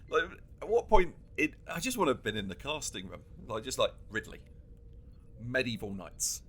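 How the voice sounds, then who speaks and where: A man's voice: a little high, wildly swooping pitch, normal speed, fairly bright tone, slightly rough. A man co-hosting a comedy podcast, ranting in casual banter and laughing often between his points. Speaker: podcast co-host.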